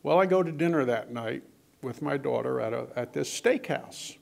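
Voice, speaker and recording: A man's voice: mid-range voice, expressive, normal speed, creaky, darkish tone. An older man, an author, chatting and telling anecdotes with lots of quoted dialogue. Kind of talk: casual storytelling in conversation.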